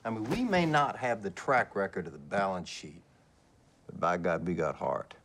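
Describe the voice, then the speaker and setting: An actor playing a sarcastic, folksy Texan executive with a drawling voice, in a clip from a TV drama. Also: male voice, low voice, animated, normal speed, noisy background. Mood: mocking.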